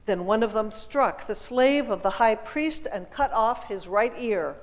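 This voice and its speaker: A woman reading scripture aloud as the lector at a service, slow and deliberate. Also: fairly high pitch, expressive, big-room sound, low-quality recording.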